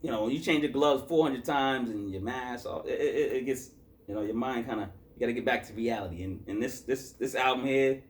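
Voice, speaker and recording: A man's voice: mid-range voice, fairly quick. A man from Boston reviewing a hip-hop album in loose, rambling casual chat, tired after a work shift and full of fillers and self-corrections.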